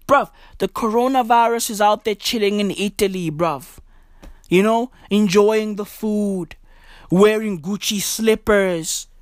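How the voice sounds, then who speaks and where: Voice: medium pitch, fairly bright tone, dry recording, studio quality. A stand-up comedian, ranting profanely in a comedy routine and hammering lines through repetition. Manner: profane, ranting, emphatic with repeated catchphrases.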